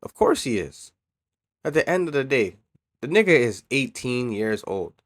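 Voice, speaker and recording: A man fires off blunt, profane reactions in casual slang, sometimes heated and sometimes lowering his voice. The recording is dry and close. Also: sing-song, moderate pace, dry recording. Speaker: co-host. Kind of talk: casual commentary chat.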